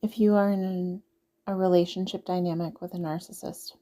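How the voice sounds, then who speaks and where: A woman's voice: on the low side, steady tone, fairly quick, warm tone. A woman speaking earnestly and directly to the listener in a casual advice monologue, repeating her points. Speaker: vlogger giving relationship advice.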